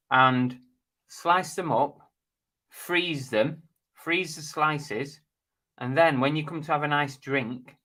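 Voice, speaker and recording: A man's voice: mid-range voice, bright, forceful tone. A man hosting a casual live stream, chatting bluntly and jokily while reading out viewer comments.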